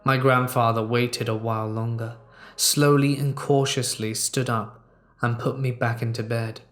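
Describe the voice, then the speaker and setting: Brief: male horror narrator, unhurried and suspenseful, mid-pitched, soft music bed. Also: fairly even intonation. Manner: measured, hushed, suspenseful.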